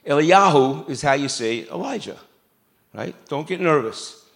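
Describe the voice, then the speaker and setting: A man's voice: on the high side, lively intonation, normal speed, vocal fry. A middle-aged man preaching a sermon in a church, in a conversational, joking way with asides to the congregation. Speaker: pastor. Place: church sanctuary.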